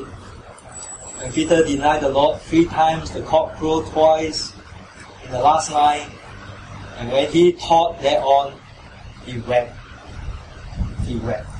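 Male pastor, pitched a bit high, emphatic sermon; roomy hall, distant noisy mic. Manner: emphatic, repetitive, asks listeners "right?". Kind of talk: sermon and closing prayer.

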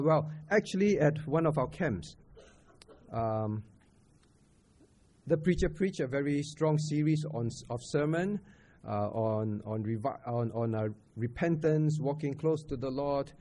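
A Singaporean man preaches to a camp audience in a husky, somewhat high voice. He stays conversational, keeps checking in with questions and circles back to repeat his key points. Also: warm tone. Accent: Singaporean English. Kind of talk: sermon teaching on scripture.

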